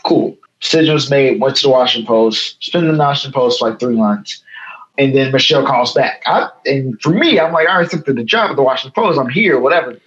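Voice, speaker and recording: A man's voice: mid-range voice, lo-fi sound. A man in his thirties from Chicago, a guest telling a long story in a casual interview, quoting people as he goes. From Chicago, South Side. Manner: animated, fast storytelling with quoted dialogue. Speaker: guest, photo editor.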